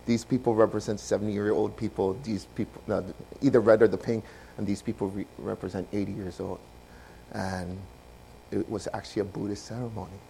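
A man preaching a sermon, telling a story with animated swings up to loud, passionate peaks. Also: lowish voice, slight background noise, poor audio.

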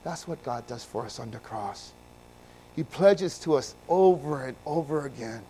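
A man preaching a sermon, moving from quiet, low passages to loud, emphatic ones and asking his listeners questions. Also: lively intonation, a little slow, slight background noise. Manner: swings from soft and low to loud and emphatic, asks the congregation questions. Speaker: pastor.

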